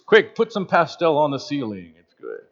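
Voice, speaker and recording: A man voicing a restrained, polite male angel with a British accent, quiet and understated. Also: fairly high pitch, wildly swooping pitch, moderate pace, exaggerated voice. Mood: prim. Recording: slightly dull lo-fi sound.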